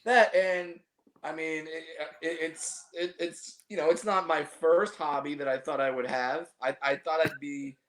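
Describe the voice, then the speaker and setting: A man's voice: fairly high pitch, fairly even intonation, a little slow, fairly bright tone. A man hosting a podcast in casual chat, rambling and self-deprecating, restarting his sentences and swearing. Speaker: podcast host.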